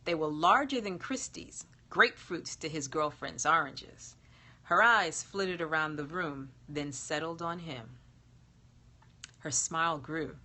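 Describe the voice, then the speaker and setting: A woman reading an erotic story aloud in a slow, sultry narration that sometimes drops to a whisper. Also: low voice, bright, forceful tone. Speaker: erotica reader. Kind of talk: scripted narration.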